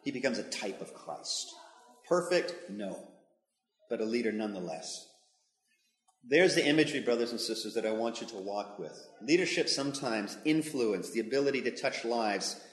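A man's voice: medium pitch, animated, moderate pace. Emphatic male pastor in an echoey hall. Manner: conversational, emphatic preaching with asides to the congregation. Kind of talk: sermon. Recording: echoey hall with long reverb.

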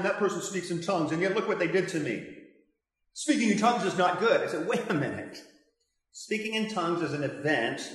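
An older man, a pastor, giving a passionate, conversational Bible teaching with asides to his listeners. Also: on the high side. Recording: very echoey hall reverb.

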